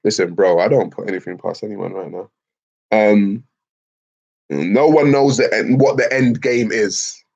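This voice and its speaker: A Liverpool man with a slightly husky, breathy voice talks loosely through a livestream, reading viewers' messages and answering them head-on. His talk is slangy and emphatic, full of bro and man. The sound is dull and lo-fi. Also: fairly low pitch, unhurried, darkish tone. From England. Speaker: live stream host reading chat. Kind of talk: casual livestream chat.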